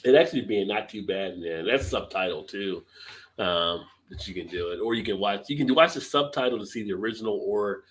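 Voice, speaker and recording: A middle-aged man with a low voice chatting on a live stream, telling animated stories and laughing often. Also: brisk, low-quality recording. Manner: laughs often, animated storytelling with put-on quotes. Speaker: beer channel live stream co-host. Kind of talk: casual live-stream chat.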